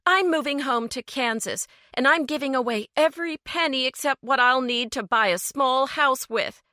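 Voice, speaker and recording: A woman's voice: a little high, a little slow, fairly bright tone, no room sound, clean studio sound, voice pushed up. A woman reader voicing an earnest, grieving woman. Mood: defiant. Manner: earnest, pressing questions.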